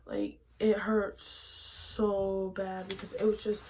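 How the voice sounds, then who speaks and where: A young woman vlogger telling a personal story in casual chat, animated, dropping to hushed asides and then bursting out loud. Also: mid-range voice, slow, slight background noise, poor audio.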